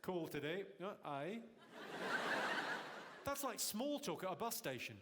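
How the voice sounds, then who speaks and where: High-voiced deadpan stand-up comedian. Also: male voice, a little slow. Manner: deadpan, teasing the audience. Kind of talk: stand-up comedy with crowd work. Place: large theatre in Glasgow. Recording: reverberant hall, loud noise, crowd.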